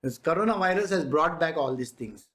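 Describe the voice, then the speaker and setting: A man teaches in a spiritual discourse, talking the way he would to a room of students. His pitch rises and falls in a very animated way, and he keeps throwing rhetorical questions at his listeners and chuckling. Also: a little fast.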